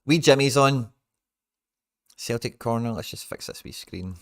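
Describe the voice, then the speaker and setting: A young Scottish man hosting a football watch-along, ranting and swearing in exasperation with sudden loud outbursts, speaking into a desk mic. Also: medium pitch, measured pace. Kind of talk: live match watch-along chat.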